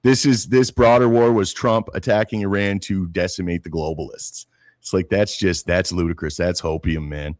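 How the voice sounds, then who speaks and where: A man's voice: deep voice, steady tone, normal speed, darkish tone, dry recording, studio quality. A man co-hosting a podcast, talking politics casually, often saying "man" and retelling events with animation. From Canada. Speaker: podcast co-host.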